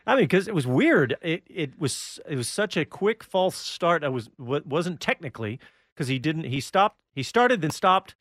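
A man co-hosting a casual motorsport podcast, talking in an animated way and laughing along often. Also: on the high side, moderate pace, no echo, clean studio sound. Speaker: podcast co-host.

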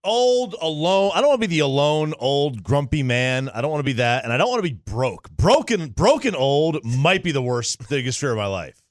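A man in his forties hosting radio, playful and self-mocking, now and then breaking into loud shouts. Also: mid-range voice, big pitch swings, fairly quick, hardly any pauses, no room sound, studio quality. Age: 40s. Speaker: radio host. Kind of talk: casual studio chat. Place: radio studio.

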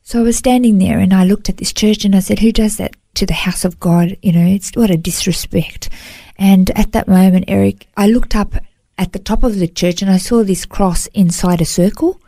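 A woman giving an earnest, emotional personal testimony in a podcast interview, halting now and then to restart a thought. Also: mid-range voice, steady tone, dark tone, no room sound, studio quality. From Australia. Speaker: interview guest.

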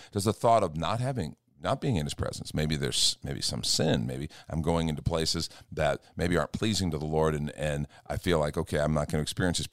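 A pastor with a very low, deep voice chats in an earnest, storytelling way. He acts out little quoted exchanges as he goes, and the sound is dry and close. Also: dry recording. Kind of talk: casual chat. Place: church.

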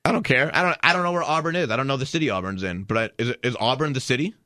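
A man's voice: medium pitch, rapid-fire, sharp tone, no echo, clean studio sound. A man on a podcast casually telling a long anecdote, full of fillers and asides. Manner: rambling anecdote with many fillers. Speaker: podcast guest, producer. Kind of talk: casual chat, storytelling.

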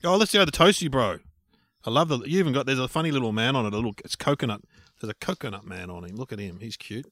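A middle-aged man co-hosting a podcast in relaxed, joking chat about snacks and shows. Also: mid-range voice, fast, no echo, studio quality. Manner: relaxed, laughing banter. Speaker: podcast co-host. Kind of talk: casual chat.

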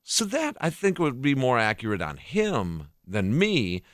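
A relaxed man hosting a podcast who rambles and restarts his sentences. His pitch moves around freely as he talks. The recording is dry and close. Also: a little slow, no echo. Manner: laid-back, rambling with restarts. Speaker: podcast host. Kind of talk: casual chat.

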